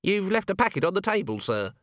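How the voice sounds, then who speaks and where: A man's voice: high-pitched, very animated, fairly quick, a bit bright, no echo, studio quality, voice pushed up. A man voicing a nervous, earnest young dwarf alchemist who keeps politely adding sir, in an audiobook reading. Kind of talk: audiobook character voice.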